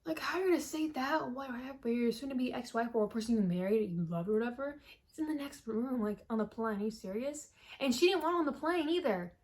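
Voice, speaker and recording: A woman's voice: fairly high pitch, fairly quick. A woman giving a casual movie recap with lots of swearing, acting out characters' lines as she goes. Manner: animated, profane storytelling, acting out characters' lines.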